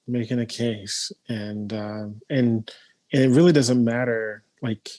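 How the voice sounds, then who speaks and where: A man speaking slowly and thoughtfully in a casual conversation, his words spaced out by pauses and filler sounds. His voice sits at a middling pitch and is recorded close and dry, with almost no room sound. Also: fairly even intonation, darkish tone, no echo. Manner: slow, thoughtful, with many hesitations. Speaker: playwright and teacher.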